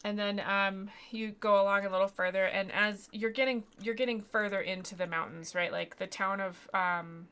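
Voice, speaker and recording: A woman's voice: medium pitch, steady tone, moderate pace, hardly any pauses, a bit bright, clear, resonant tone. A woman narrating as game master of a tabletop game, rambling and self-deprecating, with many fillers and restarts.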